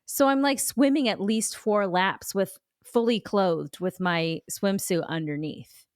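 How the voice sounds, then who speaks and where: A woman's voice: mid-range voice, measured pace, no room sound, clean studio sound. A woman in her forties co-hosting a podcast, telling a rambling, self-mocking story full of "like"s in casual chat. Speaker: podcast co-host.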